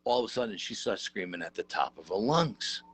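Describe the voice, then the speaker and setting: A middle-aged man, telling a story as an interview guest in a lively, casual, rough-edged way. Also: fairly low pitch, a little fast. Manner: animated, conversational, rough-edged. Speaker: interview guest, paranormal researcher.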